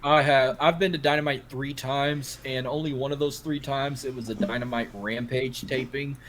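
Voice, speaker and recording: A man's voice: mid-range voice, steady tone, normal speed, fairly bright tone, a little hiss or hum. Brief: Cajun man, podcast co-host, rambling, profane, casual. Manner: rambling, profane, heavy on filler "like".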